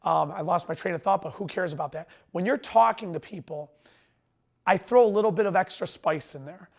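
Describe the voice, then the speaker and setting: Fast-talking, high-voiced male sales trainer. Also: vocal fry. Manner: energetic, emphatic, talks fast and mumbles words together. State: tired after a long lecture. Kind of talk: direct-to-camera sales lesson.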